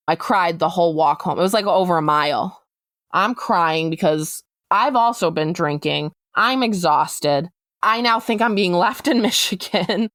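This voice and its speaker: A woman recounting a distressing personal story for a podcast, talking quickly and acting out what people said. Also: medium pitch, no echo, clean studio sound. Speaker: interviewee recounting her story.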